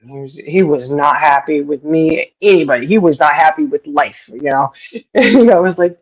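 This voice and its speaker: A middle-aged woman talks casually with her livestream audience, laughing often as she answers them through a streaming setup. She has a low-pitched voice at normal speed, and the recording quality is low.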